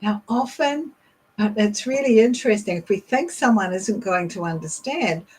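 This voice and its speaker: A woman hosting a leadership show, explaining in a measured, instructive way with occasional fillers. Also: medium pitch, animated, darkish tone, breathy edge, rough recording. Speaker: leadership coach and podcast host. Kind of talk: instructional talk.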